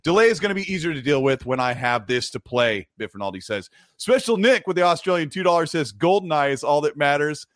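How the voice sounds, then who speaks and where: A man's voice: fairly high pitch, fast talker, hardly any pauses, no room sound, clean studio sound. A man hosting a casual gaming livestream, reading viewer messages aloud and laughing between stories. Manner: laughing, animated storytelling.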